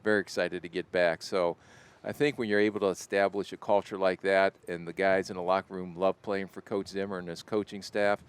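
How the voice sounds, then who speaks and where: Deep, smooth-voiced man with an Ohio accent. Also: level tone, brisk. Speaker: NFL general manager guest. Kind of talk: radio interview.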